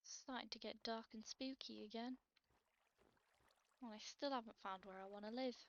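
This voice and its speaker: A woman's voice: fairly high pitch, moderate pace, lo-fi sound, slight background noise. A British woman giving chatty, self-deprecating gameplay commentary as she plays, talking to herself. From Britain. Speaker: Let's Play creator.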